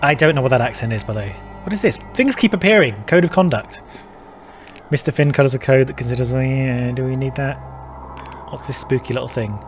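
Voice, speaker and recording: A man's voice: medium pitch, fairly quick. A man talking his way through a game playthrough, muttering to himself, thinking aloud and dropping the odd casual swear. His voice sits in an ordinary middle register, with a faint hiss of background noise. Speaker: gaming channel host. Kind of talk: casual let's-play commentary.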